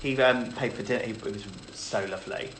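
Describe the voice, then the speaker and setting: A woman, chatting casually as a livestream co-host, in an animated, blunt and teasing way. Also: rumbling low, fairly quick, echoey room, slight background noise. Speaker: co-host guest. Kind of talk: casual chat.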